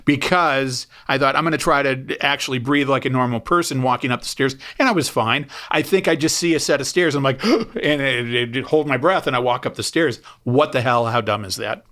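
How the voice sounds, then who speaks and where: A man's voice: mid-range voice, a little fast, hardly any pauses, bright, forceful tone. A man hosting a podcast in casual chat, joking and self-mocking. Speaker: podcast host. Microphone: studio microphone.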